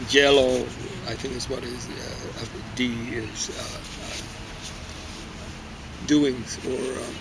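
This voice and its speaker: Gravelly man rambling outdoors. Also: mid-range voice, noisy background. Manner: rambling, stumbles over foreign names. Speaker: book reviewer. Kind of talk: casual spoken book review. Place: outdoor garden.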